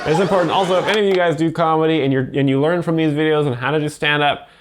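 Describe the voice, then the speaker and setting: Male comedy host, deadpan and falsely earnest, slightly high voice, halting delivery. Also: crowd noise, background noise. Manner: deadpan, fake-sincere, with halting fillers. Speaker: comedy video host explaining jokes. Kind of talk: mock-earnest comedy commentary.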